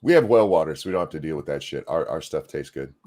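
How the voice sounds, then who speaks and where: A man's voice: very deep voice, lively intonation, fast talker, a little mellow. A man co-hosting a casual political commentary chat, blunt and sarcastic, swearing freely and reading viewer messages aloud. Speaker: podcast co-host.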